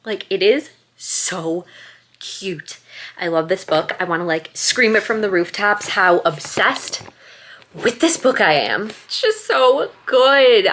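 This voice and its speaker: Young woman vlogging at home, super bright voice, gushing and excitable, says like a lot. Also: fairly high pitch. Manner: gushing, excitable, lots of "like" and "oh my God". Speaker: book vlogger. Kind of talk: casual vlog chat. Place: at home, bathroom after shower.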